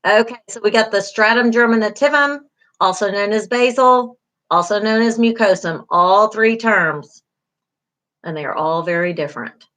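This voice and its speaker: A woman's voice: mid-range voice, normal speed, a bit bright. Woman teaching a skin lesson. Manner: encouraging, repeats key terms, many fillers. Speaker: beauty school instructor. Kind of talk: online class lecture.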